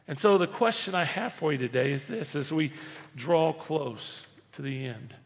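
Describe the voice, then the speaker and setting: Male pastor, gravelly tone, preaching with big dynamic swings, long hall reverb. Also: animated, moderate pace. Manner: preaching with sudden swings between loud emphasis and low, quiet asides. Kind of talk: sermon. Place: church.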